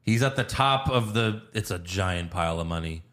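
A man's voice: low-pitched, expressive, normal speed, fairly bright tone. A man co-hosting a podcast, casually recapping a movie scene by scene, acting out the lines and swearing freely. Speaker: podcast co-host. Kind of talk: casual movie review chat.

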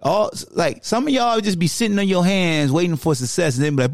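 A man hosting a sports podcast launches into a heated, slangy rant. His voice sits a bit high and swings widely up and down as he gets worked up. The recording is close and dry, with no room echo. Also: fairly quick, few pauses. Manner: animated, slangy, heated ranting. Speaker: podcast host.

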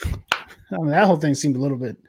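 A man's voice: fairly high pitch, brisk, gravelly, husky. A man co-hosting a casual sports podcast, swearing freely and working himself up as he rants about football fans. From Cincinnati area. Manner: profane, worked-up ranting. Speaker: podcast co-host.

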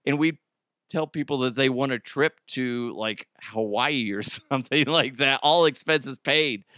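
A man's voice: medium pitch, unhurried, sharp tone, dry recording, studio quality. A man hosting a podcast in casual comic chat, joking and slipping into silly put-on voices. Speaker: podcast host.

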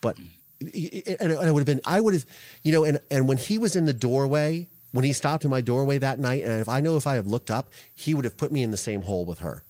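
A man in his forties, a guest in a podcast interview, speaking earnestly and haltingly with many restarts. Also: medium pitch, dark tone.

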